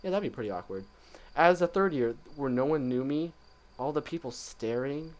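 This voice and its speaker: Guy reading a visual novel on a let's play, kinda quiet, voice goes up and down a lot. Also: mid-range voice, lively intonation, moderate pace, rough recording. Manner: quiet, murmured reading with asides.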